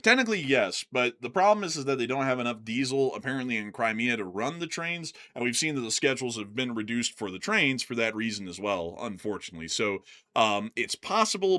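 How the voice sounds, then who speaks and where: Bright-voiced casual male co-host. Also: medium pitch. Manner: animated storytelling, laughs often. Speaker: co-host of a news livestream. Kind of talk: casual chat.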